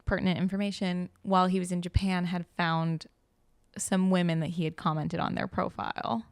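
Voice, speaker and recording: A woman's voice: fairly low pitch, flat delivery, moderate pace, gravelly, clear, resonant tone, no echo, studio quality. A young woman chatting on a podcast, telling a story with animation and acting out the quotes. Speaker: guest host. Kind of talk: casual podcast chat.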